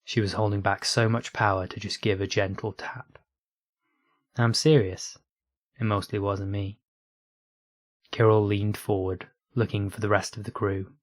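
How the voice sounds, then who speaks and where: A man narrating a science fiction story aloud in a steady, unhurried reading voice. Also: on the low side, dry recording. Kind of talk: audiobook reading of online fiction.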